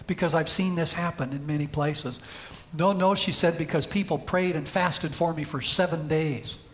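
High-pitched male preacher, storytelling sermon with emphatic peaks, church setting. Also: fairly even intonation, normal speed, a little hiss or hum. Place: church sanctuary.

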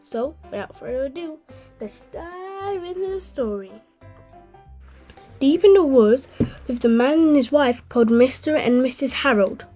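A woman hosting a channel and reading a children's story aloud in a gentle, clear way. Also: high-pitched, lively intonation, a little slow, soft background music. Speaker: host and storyteller.

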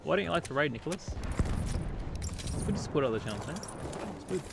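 An Australian gaming livestreamer chats casually with viewers while playing a shooter, greeting people in chat by name and calling them "mate" constantly. His fairly high voice has lively intonation and a slightly fast pace. The recording is very noisy, with game gunfire and explosions clearly audible behind him.

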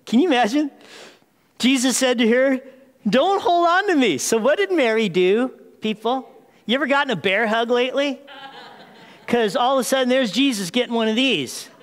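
A man preaching a sermon as pastor, retelling the story with lively asides and calling the congregation "people.". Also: extremely high pitch, normal speed, big-room sound. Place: church sanctuary.

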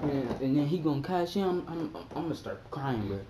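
A young man chatting casually about wrestling on his vlog, excitable and acting out his reactions with sudden high yelps. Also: a little fast. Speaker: vlogger. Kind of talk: casual wrestling chat to camera. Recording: echoey room with faint background hum.

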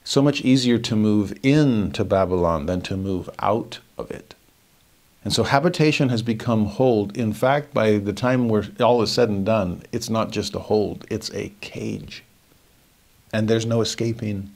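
A man teaching a verse-by-verse Bible lesson, reflective and expressive, often posing rhetorical questions. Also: fairly low pitch, measured pace, gravelly. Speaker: scripture teacher.

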